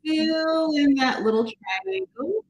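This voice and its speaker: A makeup artist demonstrates products in a casual tutorial, chatting with viewers, walking them through each step and sometimes quizzing them. Her voice is high and animated, her pace slow, and the sound lo-fi.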